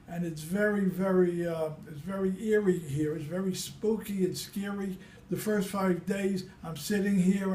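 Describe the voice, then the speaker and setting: An older man from Brooklyn, New York, tells war stories in a high, mellow voice, recorded in an echoey room. His casual storytelling rambles and repeats itself, with many restarts.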